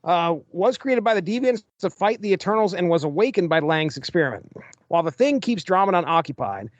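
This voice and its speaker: A man's voice: sits high, very animated, fairly quick, dry recording, highs cut off. A man co-hosting a comics podcast, summarizing plots and laughing often in casual chat. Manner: laughs often, reads credits and plot summaries. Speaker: podcast co-host.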